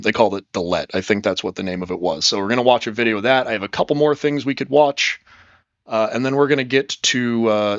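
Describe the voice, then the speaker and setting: A man's voice: on the low side, fairly bright tone, no room sound, highs cut off. A man hosting a casual livestream, upbeat and rambling, reading chat comments and swearing freely. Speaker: livestream host.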